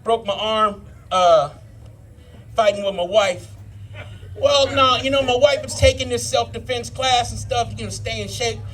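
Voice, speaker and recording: A man's voice: very high voice, unhurried, fairly bright tone. A man in his fifties doing a live stand-up set, telling profane stories and working the crowd. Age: 50s. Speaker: stand-up comedian. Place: live brew pub comedy show.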